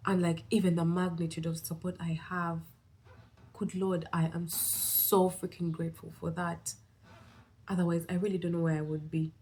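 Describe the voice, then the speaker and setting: A woman from East Africa records a relaxed vlog update, her voice sitting a touch low. She rambles cheerfully and gushes with gratitude. A slight breathlessness runs under her words. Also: normal speed, slight background noise. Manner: rambling, upbeat and effusively grateful. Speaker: vlogger. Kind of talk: casual vlog check-in.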